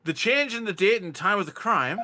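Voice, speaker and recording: Guy reading as a determined young lawyer, kinda high voice, slow careful lines, music in the back. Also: expressive, noisy background. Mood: earnest. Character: earnest young male defense lawyer, dogged and sharp. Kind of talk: voicing game dialogue with friends. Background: game music.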